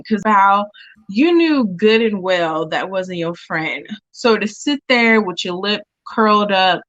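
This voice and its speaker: A woman's voice: medium pitch, a bit bright, no echo. A woman co-hosting a casual show chat, candid and emphatic, repeating phrases for effect. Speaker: co-host reviewing a reality show. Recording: slightly dull, dry sound.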